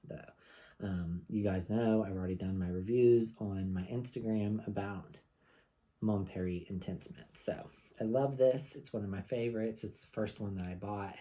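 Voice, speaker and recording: A man's voice: fairly low pitch, warm tone. A man in his mid-thirties reviewing fragrances in casual, rambling home-studio chat with frequent asides. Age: 30s.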